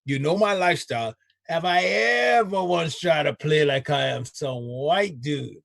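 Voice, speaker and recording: A man hosting a casual chat, animated and ranting, who stretches words for emphasis. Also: on the high side, unhurried, creaky, no echo. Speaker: host.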